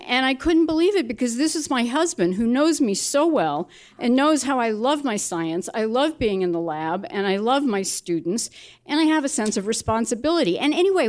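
A woman tells a true personal story live in a small venue. She talks in a lively, expressive way, and the audience laughs now and then. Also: on the high side.

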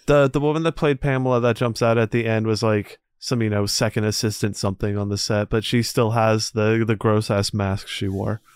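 A man's voice: lowish voice, fairly even intonation, a little fast, few pauses, clean tone, dry recording, clean studio sound. A man co-hosting a casual horror movie podcast, chatting enthusiastically with his friends. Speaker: podcast co-host.

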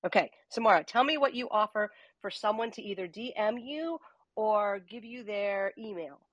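Energetic woman coach leading a live audio room, dry close-mic voice. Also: mid-range voice, moderate pace, no room sound, muffled recording. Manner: lively, uses many rhetorical "okay?" check-ins.

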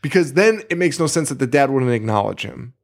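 A creaky, medium-pitched male voice moves along fairly quickly. He co-hosts a podcast, chatting casually and ranting with animation and heavy swearing, captured on a studio mic.

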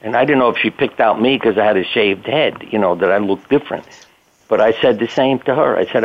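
A man's voice: lowish voice, brisk. Older man telling stories over a tinny phone line. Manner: conversational storyteller, chuckling, acts out quotes. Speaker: guest, doctor. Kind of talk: casual storytelling interview.

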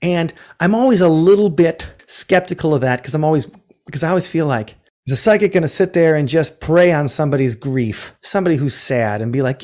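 A man who leads ghost tours speaks a little fast in a voice on the high side, animated and darkish. He recounts a story casually for an interview, rambling, restarting, correcting himself, and performing quotes.

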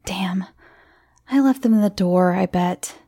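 A woman voicing a hungover young woman who talks in a blunt, gruff way. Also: mid-range voice, moderate pace, dark tone, no room sound, close to an everyday voice. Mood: annoyed.

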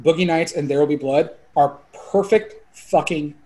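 A man around forty, a filmmaker guest chatting on a podcast, excitable and rambling, full of "like" and casual swearing. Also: on the high side, normal speed.

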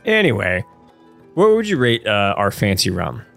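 A man co-hosting a casual podcast, chatting with excited, geeky enthusiasm and frequent laughter. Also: fairly low pitch, moderate pace, creaky, soft background music. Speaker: podcast co-host. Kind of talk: casual chat.

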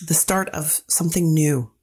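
Animated woman storyteller. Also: sits low, moderate pace, slightly rough. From Canada. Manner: animated storyteller who acts out quotes. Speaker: playwright. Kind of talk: casual interview talk.

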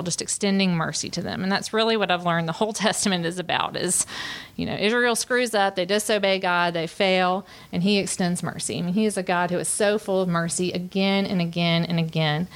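A woman's voice: lowish voice, a bit bright. A woman, giving an earnest, confessional personal testimony with frequent fillers. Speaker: speaker sharing her testimony.

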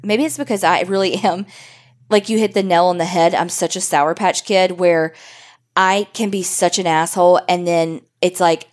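A woman's voice: fairly low pitch, steady tone, moderate pace. A woman co-hosting a podcast in casual, emphatic chat, swearing freely. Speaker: podcast co-host.

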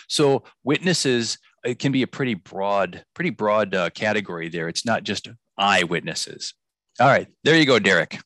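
A man hosting an instructional safety discussion, speaking in a relaxed, halting way with fillers. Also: fairly low pitch, dry recording. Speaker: host.

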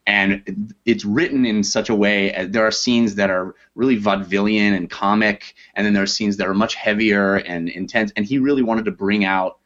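Actor dude on a podcast, lowish voice, easygoing and a bit self-deprecating, dull lo-fi sound. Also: male voice, fairly even intonation, moderate pace, fairly bright tone. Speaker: actor and audiobook narrator. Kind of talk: casual podcast interview.

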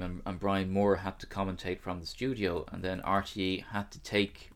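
Male co-host, low voice, relaxed rambling chat. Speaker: podcast co-host. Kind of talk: casual chat.

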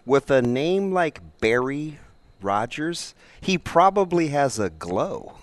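A man's voice: fairly high pitch, very animated, takes it slowly, no echo. A man co-hosting a morning radio show, teasing his co-host in playful banter. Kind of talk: casual morning radio chat. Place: radio studio stage.

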